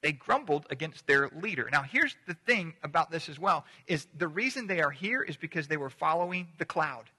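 A man's voice: fairly high pitch, expressive, moderate pace, few pauses, bright, forceful tone. A man preaching a sermon as a pastor, in a conversational manner, often restarting and repeating words. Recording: long hall reverb.

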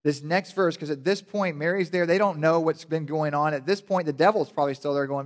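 A male pastor preaching a sermon, telling the story animatedly and building to loud, passionate emphasis. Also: fairly high pitch, brisk, hardly any pauses. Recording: long hall reverb.

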